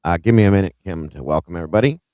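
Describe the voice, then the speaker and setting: A deep-voiced man hosting a live stream, greeting viewers one by one in a chatty, upbeat way. His voice is smooth and clear, recorded close and dry with no room sound. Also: racing, dry recording, dull audio. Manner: upbeat, chatty, reads out viewer names warmly with small stumbles. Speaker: host of a live true-crime stream.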